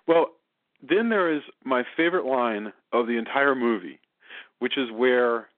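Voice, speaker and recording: A man chatting about movies with lively enthusiasm, tripping over his own restarts. His voice sits at an ordinary pitch. The sound is dry and narrow, like a phone line. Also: a little slow, no room sound. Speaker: podcast cohost. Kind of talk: casual film review chat.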